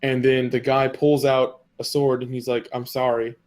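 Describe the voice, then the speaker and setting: A man's voice: medium pitch, level tone, moderate pace, darkish tone. A man co-hosting a casual podcast, telling an anime episode's story in a rambling way with many fillers and quoted lines. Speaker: podcast co-host.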